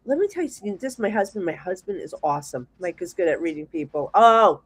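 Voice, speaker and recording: A middle-aged woman with a New Jersey accent, a psychic guest telling rambling, animated stories in a casual chat. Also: on the low side, fast talker, husky, poor audio. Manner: chatty, rambling, animated storyteller with restarts.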